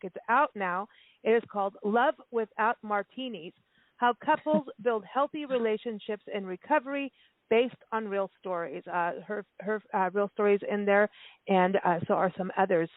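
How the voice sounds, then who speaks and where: A woman's voice: medium pitch, moderate pace, no echo. Chatty woman co-host for casual radio talk, heard over a dry phone line. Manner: chatty, laughs often, rambling. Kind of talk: casual radio interview chat. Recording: tinny phone-line sound.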